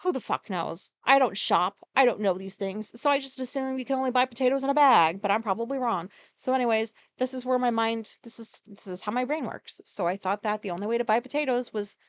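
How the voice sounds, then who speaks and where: A woman's voice: fairly high pitch, a little fast, hardly any pauses, dry recording. A woman hosting a casual solo podcast, rambling through a story with profane, self-deprecating asides. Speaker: podcast host.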